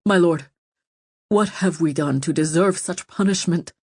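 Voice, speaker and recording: A woman's voice: medium pitch, normal speed, dry recording, clean studio sound, pitched above the performer's own voice, lightly acted. A woman voicing an anxious young male prisoner who pleads urgently, his voice a little feverish. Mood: pleading.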